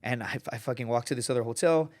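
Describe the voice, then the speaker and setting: A man's voice: medium pitch, fast talker. A man from the United States, a podcast guest telling a story in casual talk, swearing freely and acting out the people he quotes. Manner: profane, animated, acts out quoted people.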